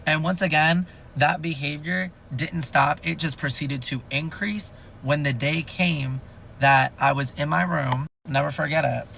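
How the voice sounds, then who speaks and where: A young man in his twenties tells a comedic story, loose and profane, mocking himself and leaping up in pitch to land a point. His voice sits a little high for a man, bright and edgy with a gravelly fry. A faint room ambience hangs behind him. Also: unhurried, slight background noise. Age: 20s. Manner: animated, profane, self-mocking, jumps pitch for emphasis.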